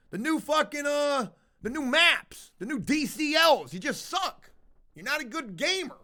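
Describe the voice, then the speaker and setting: A man with a high voice rants to his livestream chat in a brash, profane, rambling way. His pitch leaps around constantly as he mocks a viewer and circles back to his own gripes. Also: sharp tone. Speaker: streamer talking to chat. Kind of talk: casual livestream rant.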